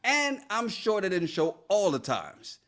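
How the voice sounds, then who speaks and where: An animated male podcast co-host whose pitch sits a little high and swings widely as he talks. He reads out listener comments from the live chat between bursts of laughter, and his chat is relaxed and casual. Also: a little slow.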